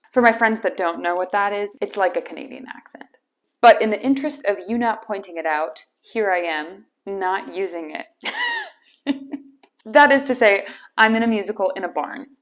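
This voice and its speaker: Playful young woman hosting a show. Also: mid-range voice. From Wisconsin. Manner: playful, teasing, chatty. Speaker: host. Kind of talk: casual solo talk show.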